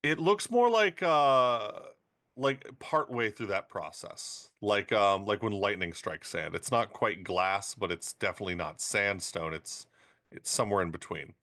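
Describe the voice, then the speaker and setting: A man running a tabletop game as game master, setting scenes in slow, descriptive narration. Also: fairly low pitch, bright, forceful tone, no room sound, studio quality.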